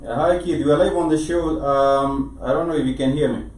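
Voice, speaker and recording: A man's voice: fairly high pitch, brisk, a little mellow. A man who is DJ and host of a casual talk show, speaking hesitantly with many fillers. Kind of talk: casual radio chat. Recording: echoey, distant.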